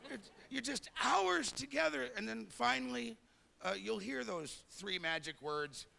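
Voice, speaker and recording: Middle-aged stand-up comic with a raised, gravelly voice; animated and acts out lines; live club sound. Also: male voice, very high-pitched. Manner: animated, acts out quick dialogues. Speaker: stand-up comedian. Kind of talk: stand-up comedy. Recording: live comedy club, loud crowd noise.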